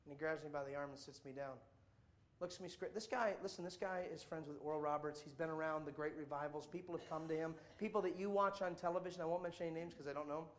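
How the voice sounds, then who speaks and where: A middle-aged man preaching an animated, emphatic sermon as an evangelist, telling stories from the pulpit. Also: fairly high pitch, fast.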